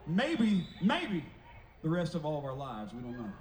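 A man fronting a band on an outdoor festival stage, talking to the crowd between songs like a showman, loud and playful. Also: fairly high pitch, huge pitch swings, moderate pace, background noise. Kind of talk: stage banter at a live concert. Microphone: stage microphone through a PA. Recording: echoey live festival PA sound.

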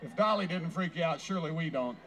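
A man hosting a live variety show with folksy emcee patter and shouted introductions. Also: on the high side, expressive, quick pace, loud music behind the voice. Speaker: show host.

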